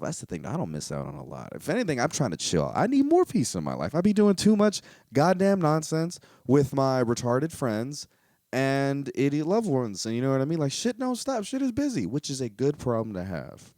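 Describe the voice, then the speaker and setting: Animated, profane man riffing solo. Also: mid-range voice, normal speed, no echo, studio quality. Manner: profane, animated, heavy on filler words. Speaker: podcast host. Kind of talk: rambling comedic monologue.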